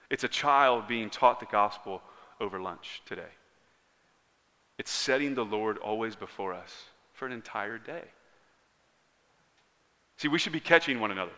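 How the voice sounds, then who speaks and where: A man preaching in a church sanctuary, his bright, forceful voice carrying a long reverb through the large hall. He preaches earnestly, rising to loud emphasis and then dropping to near-quiet lines. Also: mid-range voice. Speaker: pastor. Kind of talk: sermon.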